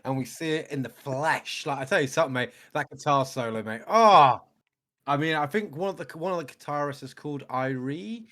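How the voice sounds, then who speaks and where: A man's voice: a little high, animated, a little fast, a bit bright. A British man co-hosting a reaction video, speaking enthusiastically and effusively in casual chat. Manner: enthusiastic, effusive, leans on "mate".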